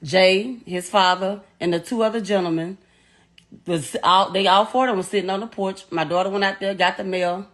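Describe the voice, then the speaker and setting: Speaking at normal speed in a steady, mid-range voice, this middle-aged woman recounts her own experience in an interview. She is emotional and blunt, swears, and repeats herself often.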